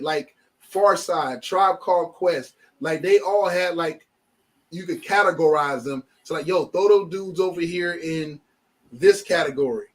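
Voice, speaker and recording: A middle-aged man hosting a podcast, talking casually in a loose, rambling, animated way with many restarts. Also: high-pitched. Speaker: podcast host. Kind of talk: casual chat.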